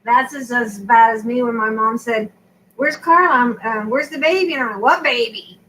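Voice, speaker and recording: A chatty woman telling a funny story against herself in an easygoing conversation. Her voice is on the higher side, with faint ambient noise in the background. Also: normal speed, a bit bright, rough recording. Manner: chatty, self-mocking, laughs at herself. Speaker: co-host of a crafting live show. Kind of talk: casual chat.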